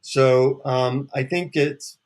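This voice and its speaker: A man with a mid-range voice tells a story in a relaxed, wry way. He speaks as a psychotherapist and author in a casual interview. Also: mid-range voice, takes it slowly.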